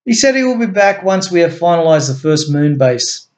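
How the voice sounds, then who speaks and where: A man's voice: fairly high pitch, sing-song, normal speed, a little mellow, voice pushed up. A man doing an earnest, insistent agency chief. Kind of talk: amateur story reading with voices.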